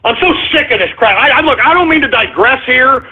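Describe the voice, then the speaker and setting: High-voiced ranting radio host. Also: male voice, expressive, brisk, husky. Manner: ranting, rambling, repeats "all right?". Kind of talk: talk radio rant. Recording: tinny phone-line sound.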